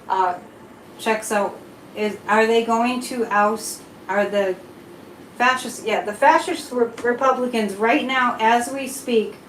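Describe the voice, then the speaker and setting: A woman's voice: on the high side, a bit bright, reverberant, a little hiss or hum, rough recording. A woman hosting a casual psychic live stream, chatting freely, reading viewer comments aloud and drifting off topic as she reads tarot cards. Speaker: psychic livestream host.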